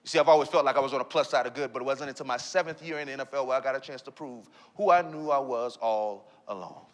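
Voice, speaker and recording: A man giving a motivational keynote, telling a personal story that swings between loud excitement and hushed reflection. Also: mid-range voice, fast talker. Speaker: keynote speaker. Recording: reverberant hall recording.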